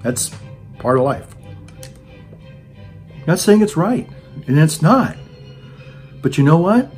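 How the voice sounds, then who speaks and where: A man's voice: fairly high pitch, sing-song, slow, a little mellow, soft background music. A man giving a rambling, sarcastic opinion monologue on his own channel, full of "you know" fillers. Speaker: video blogger.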